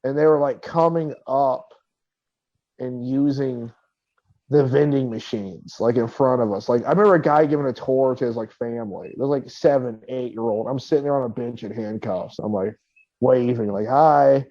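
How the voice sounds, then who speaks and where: A man's voice: mid-range voice, normal speed, mellow, muffled recording. A man co-hosting a podcast, telling a long profane anecdote in casual chat and laughing as he quotes the people in it. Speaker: podcast co-host.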